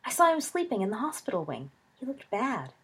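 A woman voicing a brash, hot-tempered teenage schoolboy wizard, heated and hissing, in a husky voice. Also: on the high side, wildly swooping pitch, fairly quick, a bit bright, voice pushed up, full character voice.

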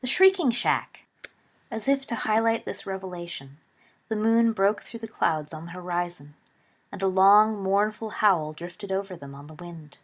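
A woman narrating a story in a steady, measured reading voice. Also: mid-range voice.

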